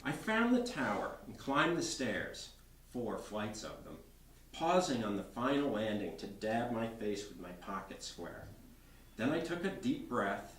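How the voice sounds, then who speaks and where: Male author reading, lively pitch, distant mic in an echoey bookstore. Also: slight background noise. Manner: expressive, animated reading. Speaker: novelist. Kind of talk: reading his novel aloud. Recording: roomy bookstore from far off.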